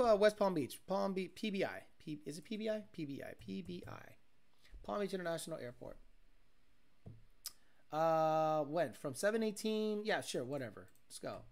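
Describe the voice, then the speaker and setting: A man's voice: high-pitched, fairly bright tone. A man hosting a casual live stream, chatting with his viewers and ranting in an exasperated, profane way. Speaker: livestream host reading chat.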